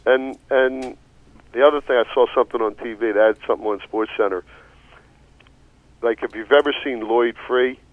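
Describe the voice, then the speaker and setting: A man telling a long, animated story on a radio talk show, swearing casually as he goes. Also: mid-range voice, moderate pace, pauses often, no echo. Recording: tinny phone-like radio audio.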